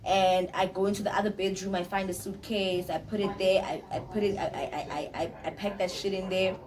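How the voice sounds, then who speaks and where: Animated young woman. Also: mid-range voice, brisk, a crowd in the background. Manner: animated, code-switching, repeats herself. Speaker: storytime vlogger. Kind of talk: casual storytelling to camera.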